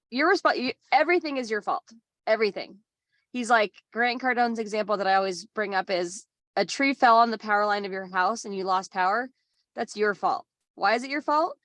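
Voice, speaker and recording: A woman talks openly as a podcast guest, in a relaxed and rambling way that is full of "like". Her voice sits at an average pitch and sounds dry and close, with no room echo. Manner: candid, chatty, peppered with "like". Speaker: podcast guest, business owner. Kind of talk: casual chat.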